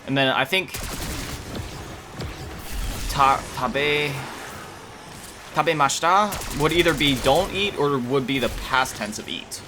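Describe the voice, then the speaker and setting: A man's voice: mid-range voice, slow pace, pauses often, noisy background. A man chatting casually while playing a game, rambling and correcting himself often, with lots of fillers and self-mocking chuckles. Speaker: gaming video creator. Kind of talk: casual chat over gameplay.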